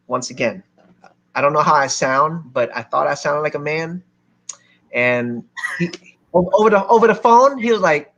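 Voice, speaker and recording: A man from Philadelphia telling a lively story to a seminar audience as a real estate investor, acting out the people in it. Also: fairly high pitch, normal speed, pauses often. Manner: animated, acts out other people's lines.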